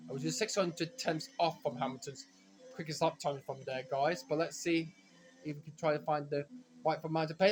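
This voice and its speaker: A man giving rambling, self-correcting commentary while playing a racing game, now and then breaking into frustrated shouts. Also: a little high, fairly even intonation, normal speed. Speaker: gaming commentator. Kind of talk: casual let's-play commentary.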